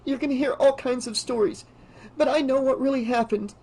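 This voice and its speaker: A high, hushed teenage girl with a breathy, tearful urgency, as a male audiobook reader raises his voice to play her. She sounds frightened yet set on fighting back. Her words come in an urgent, strained rush. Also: moderate pace, natural voice, rough recording. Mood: distraught.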